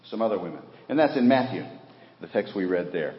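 A deep-voiced man preaches a sermon, dropping to near hushes and then rising into loud, emphatic exclamations. His voice is captured in a roomy church sanctuary with a long reverb tail, on a dull, lo-fi recording. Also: sing-song, fairly quick. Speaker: pastor.

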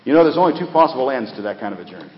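A middle-aged man preaching a sermon in a church, swinging from loud, rising appeals to quiet, dropped phrase endings. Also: medium pitch, very animated, rapid-fire, big-room sound, highs cut off. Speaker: pastor. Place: church sanctuary.

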